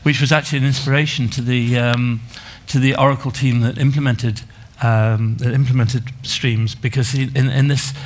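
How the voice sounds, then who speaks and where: A man co-presents a technical conference talk, speaking in a halting way with frequent restarts and fillers. His voice sits at a middle pitch. He explains as an author walking through his own book. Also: steady tone, slight background noise. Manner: hesitant, many restarts and fillers.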